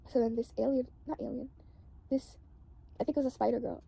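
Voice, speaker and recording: A woman's voice: high-pitched, fairly even intonation, a little fast, gravelly, dark tone, breathy edge. A woman casually recounting a dream, rambling and saying "like" constantly.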